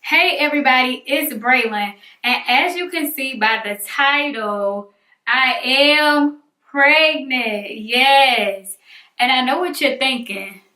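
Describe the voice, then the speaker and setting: Young woman vlogger, bright and slightly high, dramatic storyteller; echoey room. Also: takes it slowly, faint music behind. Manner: animated, dramatic retelling with acted-out voices. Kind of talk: storytelling vlog.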